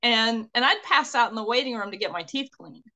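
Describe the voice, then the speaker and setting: A woman guest on a podcast, a courage coach, telling stories in a lively, laughing way. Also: fairly high pitch, a little fast. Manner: animated, laughs often while telling stories. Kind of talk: casual storytelling interview.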